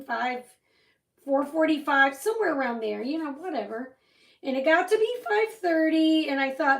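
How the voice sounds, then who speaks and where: A high-pitched woman hosts a casual crafting livestream, telling a rambling story full of asides as she paints. The recording has a roomy echo, with her voice set back from a distant mic.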